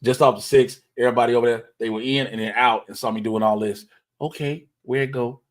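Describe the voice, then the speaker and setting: A man on a casual livestream who mutters to himself, half-narrating what he is doing on his computer. He talks in loose slang and swears often, and his pitch sits in a middle range for a man. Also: steady tone, quick pace. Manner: mumbling, talking to himself while fiddling with software. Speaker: stream host.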